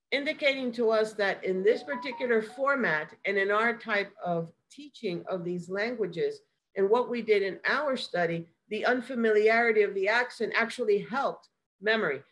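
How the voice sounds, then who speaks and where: A woman giving a measured, explanatory academic lecture as a guest lecturer. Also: mid-range voice, a bit bright, low-quality recording. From United States.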